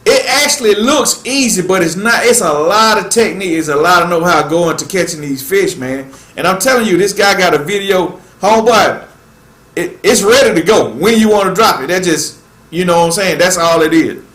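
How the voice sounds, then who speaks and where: A man with a high voice hosts a live stream in a loose, slangy way and keeps tossing in "man." He sounds like he is in a roomy, echoey space. He reads the chat as he talks. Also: fairly quick, fairly bright tone. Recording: echoey room.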